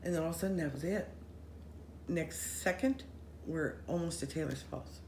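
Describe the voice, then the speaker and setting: A woman telling a story in casual chat with friends, animated, running her sentences together and acting out what people said. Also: low-pitched, moderate pace. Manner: animated, acts out quoted voices, run-on sentences. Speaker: storyteller recounting a paranormal experience. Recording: roomy echo with faint noise.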